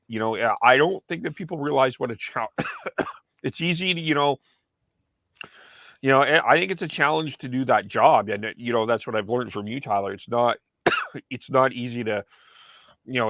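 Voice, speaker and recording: A man's voice: medium pitch, moderate pace, fairly bright tone, dry recording. A man co-hosting a casual sports podcast, speaking hesitantly with stammered restarts.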